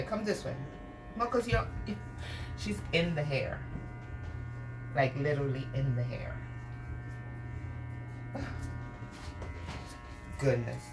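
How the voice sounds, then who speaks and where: A woman chatting casually while grooming her dog, coaxing and fussing at her and explaining each step. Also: low-pitched. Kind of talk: casual grooming commentary and instructions. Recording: echoey room with music.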